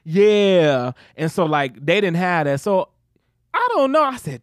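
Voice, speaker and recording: A man co-hosting a podcast, telling animated stories in casual chat, swearing freely and jumping his voice up when he acts out scenes. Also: high voice, moderate pace, no room sound, studio quality. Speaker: podcast co-host.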